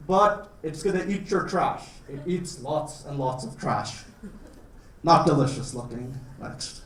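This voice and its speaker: A man's voice: on the high side, expressive, measured pace, a little hiss or hum. A man from Canada giving a playful talk to a class about his country, keeping his words simple for learners and joking often. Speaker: guest lecturer. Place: classroom or lecture hall. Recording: roomy, distant classroom recording.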